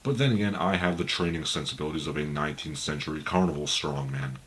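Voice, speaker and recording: A man's voice: rumbling low, quick pace, a bit bright, a little hiss or hum. A man hosting a comedic review, with dry, sarcastic commentary. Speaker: video reviewer and host.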